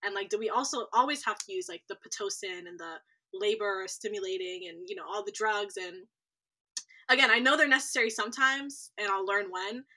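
A woman's voice: mid-range voice, a little fast, sharp tone. A woman in her twenties, a guest on a podcast, talking in an easygoing, thoughtful way. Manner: easygoing, thoughtful, with frequent laughs and fillers. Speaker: guest, medical trainee. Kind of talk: casual interview chat.

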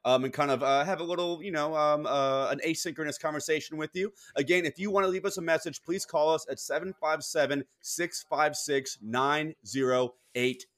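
A man's voice: fairly high pitch, fairly even intonation, normal speed, few pauses, a bit bright. A man co-hosting a casual podcast, rambling through announcements with lots of ums and uhs. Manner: rambling, many fillers like um and uh. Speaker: podcast co-host.

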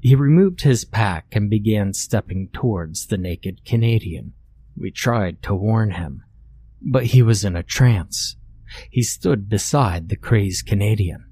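A man narrating a scary story in a deadpan, mock-serious way. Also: lowish voice, a little slow, breathy edge. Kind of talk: scripted horror story narration.

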